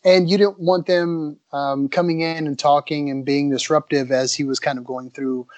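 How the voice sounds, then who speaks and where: Chatty man with a slightly high voice. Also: moderate pace, dry recording. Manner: relaxed, chatty, with restarts. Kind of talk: casual anecdote telling.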